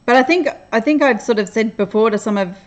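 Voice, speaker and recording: A woman's voice: fairly high pitch, fast, dull audio. Chatty Australian woman livestreaming. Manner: chatty, laughs often, reads comments aloud. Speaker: livestream host. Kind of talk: casual chat reading live comments.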